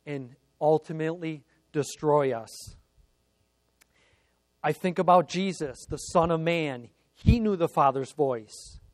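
A man preaching a sermon in a fairly high voice, stacking up short emphatic lines. He speaks at a slow, deliberate pace. The sound is close and dry. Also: no echo. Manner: preaching with rising emphatic repetition. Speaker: pastor.

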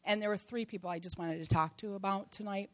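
A woman's voice: mid-range voice, fairly even intonation, fast, fairly bright tone, rough recording. A woman giving a heartfelt church testimony about a mission trip, rambling with many fillers and restarts.

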